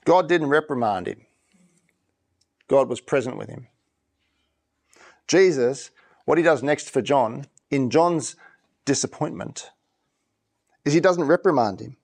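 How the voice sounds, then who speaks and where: A man's voice: mid-range voice, animated, measured pace, gravelly, pauses often, darkish tone. Male pastor, mid-range voice, conversational sermon delivery that repeats and restarts lines. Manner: conversational preaching, often repeating and restarting phrases.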